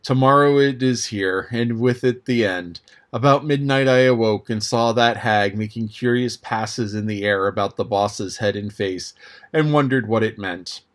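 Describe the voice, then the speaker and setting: A man narrating a classic novel aloud as an audiobook reader, in a measured, even manner. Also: on the low side. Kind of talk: scripted narration.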